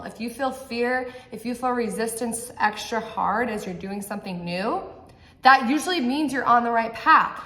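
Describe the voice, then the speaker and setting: A woman's voice: on the high side, fairly bright tone. A woman giving a motivational talk to camera as a mindset coach, earnest and direct, often checking in with the viewer. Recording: echoey room.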